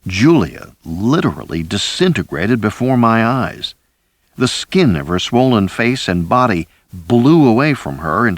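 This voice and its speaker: A man reading a first-person thriller audiobook in a measured, dramatic way. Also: on the low side, no echo. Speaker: audiobook narrator.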